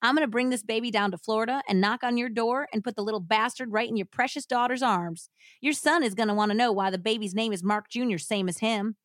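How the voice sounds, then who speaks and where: A woman voicing a spiteful, vengeful woman who taunts and threatens loudly, as part of a true crime reading. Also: a little high, fast, no echo, studio quality, natural voice. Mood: taunting. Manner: taunting, raises voice.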